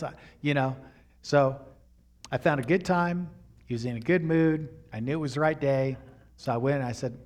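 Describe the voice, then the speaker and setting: A man in his sixties, a pastor telling stories in a sermon, animated and rising to loud bursts. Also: fairly high pitch, normal speed. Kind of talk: sermon storytelling.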